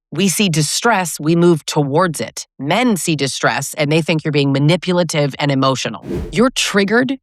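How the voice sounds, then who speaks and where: A woman's voice: low-pitched, dry recording, studio quality. A woman relationship coach giving direct-to-camera advice, emphatic and full of pointed rhetorical questions.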